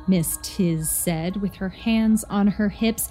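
A woman narrating a rhyming spooky poem in a measured, playful storytelling manner. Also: mid-range voice, mellow, soft background music. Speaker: poem reader.

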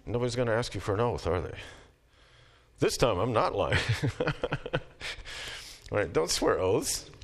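A man's voice: fairly low pitch, lively intonation, unhurried, long pauses. A middle-aged man giving a casual lecture, moving between plain talk and emphatic readings of scripture. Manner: conversational, reads passages aloud with rising emphasis.

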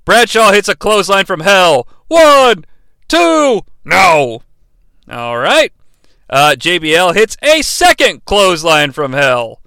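A man's voice: high voice, big pitch swings, takes it slowly, creaky, pushed and bright, clean tone, dry recording, clean studio sound. A man hosting a podcast, reviewing a wrestling match solo in a profane, sarcastic, mock-outraged way. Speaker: podcast host.

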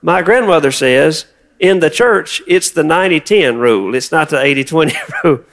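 A man's voice: fairly high pitch, lively intonation, normal speed, vocal fry, a bit bright. A man preaching a sermon, reading scripture and prompting the congregation to repeat words. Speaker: pastor.

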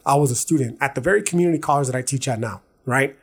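A man's voice: medium pitch, racing, slightly rough. A man, hosting a podcast and telling a personal story in casual, confessional talk full of slang and restarts. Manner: casual slangy talk, says "dog" and "bro" often; earnest, confessional, with many restarts. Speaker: podcast host.

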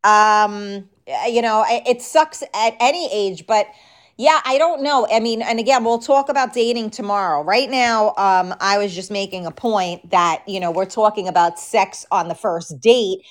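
A woman's voice: mid-range voice, normal speed. A woman in her thirties from the Bronx with a New York accent, hosting a live show in frank, casual chat and answering viewer comments.

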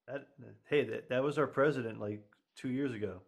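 A man's voice: mid-range voice, brisk. A man joking and riffing in casual commentary while watching a movie with a friend, laughing often.

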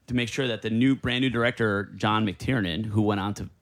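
A man's voice: on the low side, fairly quick. A man hosting a casual podcast chat, telling rambling stories. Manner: rambling, storytelling, animated. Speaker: podcast host. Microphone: podcast mic.

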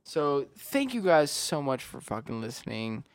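A man co-hosting a podcast, talking casually, loud and swearing freely. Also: medium pitch, sing-song, a little slow, no echo. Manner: loud, swearing, laughs a lot. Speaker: podcast co-host. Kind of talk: casual chat.

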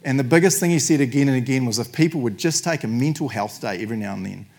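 Brief: New man, pastor mid-sermon, mid-pitched, jokey and animated. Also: quick pace. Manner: jokey, animated, laughs often.

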